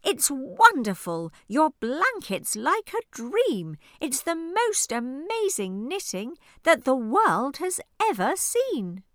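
Gushing storybook judge, read by a woman, slow and lively. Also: high-pitched, dry recording, clean studio sound, pitched above the performer's own voice, heavily acted. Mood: delighted.

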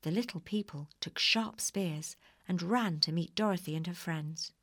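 A woman reading a children's storybook aloud in an expressive, clear way. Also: on the low side, a little slow, dry recording, clean studio sound.

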